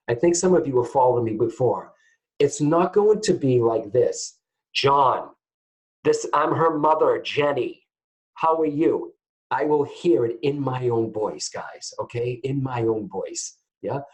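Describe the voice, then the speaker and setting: Brief: male medium teaching casually to camera, mid pitch, lively, keeps asking "okay?". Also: poor audio. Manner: animated, keeps checking in with "guys, okay?". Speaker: psychic medium teaching students.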